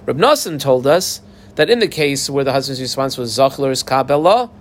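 A man teaching a Talmud class in a casual, animated way, acting out the voices of the people in the case. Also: mid-range voice, fairly quick, slight background noise. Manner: animated, acts out the parties in a dialogue.

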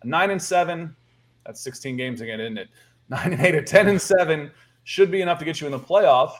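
A man's voice: a little high, a little fast. A man from Georgia co-hosting a sports podcast, talking casually in a rambling way, repeating words and chuckling. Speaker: podcast co-host.

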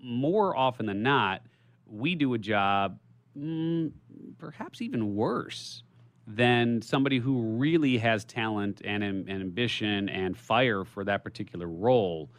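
A man's voice: on the low side, expressive, a little slow, no room sound. A man co-hosting a business podcast, asking probing questions and thinking aloud with restarts. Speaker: podcast co-host.

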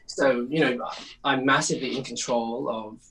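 Brief: chatty British male guest, mid pitch, heard from a distance over faint noise. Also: steady tone, moderate pace, fairly bright tone. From United Kingdom. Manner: chatty, laughs often, many fillers. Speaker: interview guest, songwriter. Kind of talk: casual interview.

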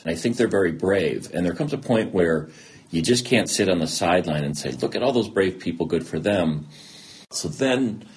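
A middle-aged man with a low, darkish voice speaks earnestly as an interview guest in a candid conversation. As he recounts past conversations, he acts them out.

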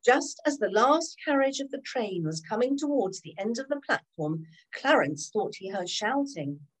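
Expressive woman reading a children's story. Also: fairly high pitch, normal speed, poor audio.

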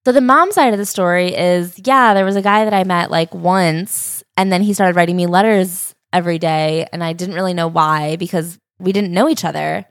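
A woman's voice: on the low side, normal speed, few pauses, no room sound. Female co-host, plain matter-of-fact delivery, dry close recording. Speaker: podcast co-host. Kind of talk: casual book discussion.

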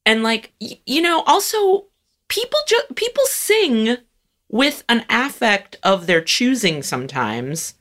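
A woman's voice: fairly high pitch, very animated, slow pace, fairly bright tone. A woman from San Francisco co-hosting a podcast in casual chat, playful and jokey. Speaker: podcast co-host.

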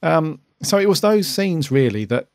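Gravelly man, dry close sound. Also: fairly high pitch, sing-song, moderate pace, no room sound. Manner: earnest, emotional, rambling. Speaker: podcast co-host. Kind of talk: casual review chat.

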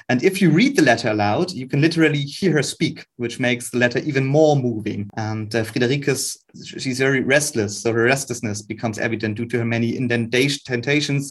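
A man, a guest researcher, explaining a historical letter in an earnest, careful way, with frequent restarts. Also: medium pitch.

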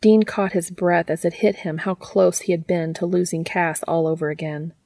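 A woman reading fan fiction aloud as the narrator, in an even, measured, intimate way. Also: fairly low pitch, no echo.

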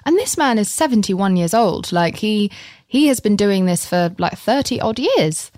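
A woman's voice: medium pitch, lively intonation, moderate pace, darkish tone, no echo. An English woman tells stories frankly and casually, her voice in the middle range for a woman. The sound is dry and close, with nothing of the room around her. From England. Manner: candid storytelling, frequent swearing. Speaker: actress guest. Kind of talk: casual chat.

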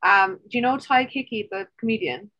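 A woman's voice: medium pitch, normal speed, dull audio. An Irish woman co-hosting a podcast, chatty and casual, filling her talk with "like" and swearing offhandedly. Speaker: podcast co-host.

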